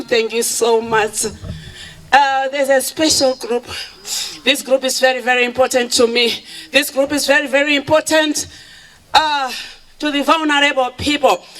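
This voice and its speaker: A woman who founded a charity, giving an emotional event speech that switches between English and Shona and thanks people warmly. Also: high-pitched, low-quality recording. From Zimbabwe.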